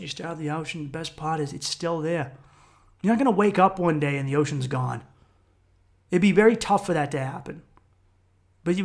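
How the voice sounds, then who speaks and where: A man talks through a solo podcast in a rambling, reflective way, swearing freely. His voice has a gravelly edge. It sits slightly high for a man. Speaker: podcast host. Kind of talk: casual solo podcast monologue.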